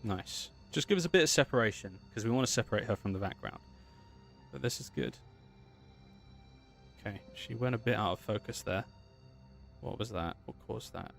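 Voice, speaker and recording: A man's voice: lowish voice, animated, normal speed, gravelly, long pauses, fairly bright tone, faint music behind. A man chatting casually and upbeat as he streams his animation work, thinking aloud as he goes. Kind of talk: casual livestream talk while working.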